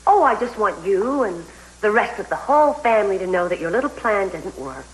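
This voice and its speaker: An actress playing a sneering, spiteful schemer. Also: female voice, medium pitch, very animated, a little fast, close to an everyday voice, low-quality recording. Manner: sneering, contemptuous. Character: scheming, spiteful woman taunting a rival. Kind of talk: soap opera acting.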